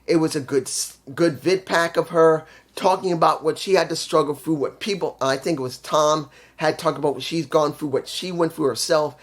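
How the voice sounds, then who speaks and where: A man's voice: on the high side, fairly even intonation, moderate pace, hardly any pauses. Brief: male wrestling reviewer, casual, frustrated, swears a lot. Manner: frustrated ranting, heavy swearing.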